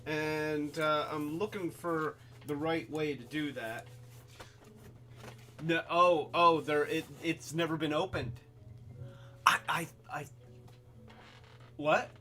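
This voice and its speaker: A man hosting a casual toy live stream, rambling and halting, with many restarts and fillers, and calling himself by a nickname in the third person. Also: a little high, fairly even intonation, pushed and bright, faint music behind. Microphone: webcam.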